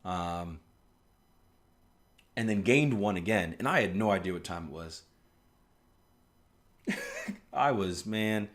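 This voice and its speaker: A man's voice: low-pitched, slow, pauses often. A man in his thirties from the US East Coast, telling rambling stories in a casual live stream and then walking through trading charts, with frequent restarts and "like". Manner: rambling storyteller, many restarts and "like", chuckles often. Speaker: forex trading educator.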